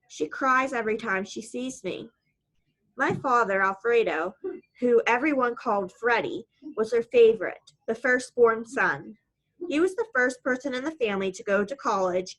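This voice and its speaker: Woman audiobook narrator, mid-pitched, plain matter-of-fact first-person read. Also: a bit bright.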